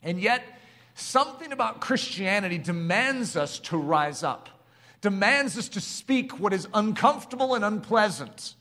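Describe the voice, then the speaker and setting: A middle-aged man preaching a sermon, passionate and building to emphatic shouts. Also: high-pitched, animated, unhurried.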